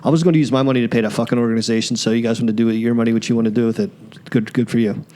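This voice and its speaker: A man hosts a casual podcast with profane, teasing banter. He talks quickly at a middling pitch. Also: steady tone, warm tone. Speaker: podcast host. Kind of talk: casual chat.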